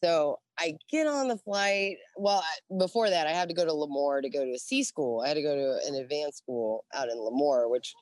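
Lively storytelling woman in her forties. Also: sits low, normal speed, hardly any pauses, no echo. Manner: lively, profane, laughs often, acts out dialogue. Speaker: Navy veteran guest. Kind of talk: casual storytelling interview.

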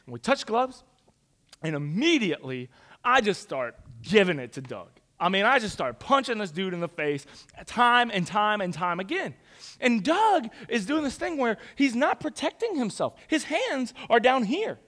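Man, young adult, storytelling, animated and casual, high tense voice. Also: moderate pace. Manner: animated, conversational, casual slang. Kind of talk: storytelling talk.

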